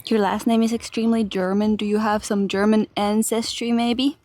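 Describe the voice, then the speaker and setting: A young Finnish woman, an IRL streamer, walks through a park holding her phone camera and chats casually with her livestream audience, laughing easily and talking to chat. Her medium-pitched voice is flat and slightly dark, at a moderate pace, with a little hiss or hum on the recording.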